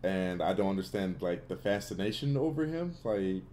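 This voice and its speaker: Low mellow-voiced young man chatting. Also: lively intonation, moderate pace. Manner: blunt, opinionated, loose filler-heavy talk. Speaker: livestream host answering chat. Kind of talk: casual Q&A livestream chat.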